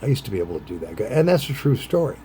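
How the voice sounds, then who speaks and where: A middle-aged man chatting casually while smoking a pipe; he rambles, trails off into low mutters, and jumps into bright, higher voices for quoted phrases. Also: sing-song, racing, a little hiss or hum. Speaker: vlogger.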